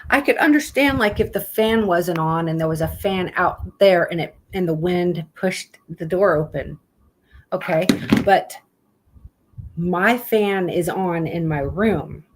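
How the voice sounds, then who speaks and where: A woman's voice: fairly low pitch, a little slow. A woman live streaming in a casual chat style, speaking bluntly, swearing now and then, and muttering as she reads app text aloud.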